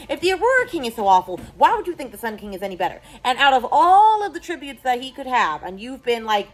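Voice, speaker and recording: A woman's voice: fairly high pitch, big pitch swings, quick pace. A woman, chatting casually at home in a book vlog, rambling and full of slang. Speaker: book vlogger.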